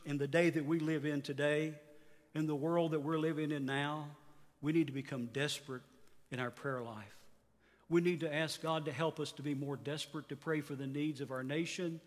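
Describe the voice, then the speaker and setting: A pastor in his fifties preaching a sermon earnestly, his voice rising on exhortations and dropping low at the ends of phrases. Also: in a large hall. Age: 50s.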